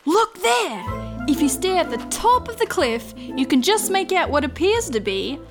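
An actress playing a prim, proper park ranger. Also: female voice, very high voice, sing-song, measured pace, music in the background, heavily acted.

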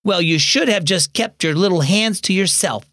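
Guy putting on a snippy older sister, kid voice, pitched way up, bouncy. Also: sing-song, normal speed, no echo, studio quality. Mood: resentful. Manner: sharp, resentful. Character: angry bossy older sister, young girl.

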